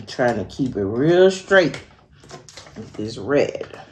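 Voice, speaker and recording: A woman hosting a sewing tutorial, narrating each step in a relaxed, thinking-aloud way with frequent fillers. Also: extremely low pitch, very slow, a little hiss or hum.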